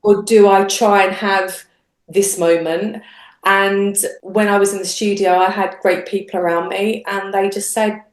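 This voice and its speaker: A singer-songwriter woman chatting as an interview guest, animated, acting out quoted thoughts with big jumps in voice and often restarting her sentences. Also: mid-range voice, unhurried. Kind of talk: casual interview chat. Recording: roomy echo.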